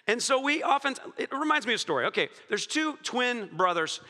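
A man preaching a sermon in a lively, joking storytelling manner, speaking in a church hall. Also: extremely high pitch, moderate pace. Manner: lively storytelling, jokey, chuckles. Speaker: pastor. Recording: long hall reverb.

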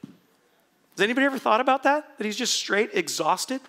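Animated, bright-voiced male preacher. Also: very high voice, moderate pace. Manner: animated, swings from quiet asides to shouted prayers. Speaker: pastor. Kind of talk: sermon.

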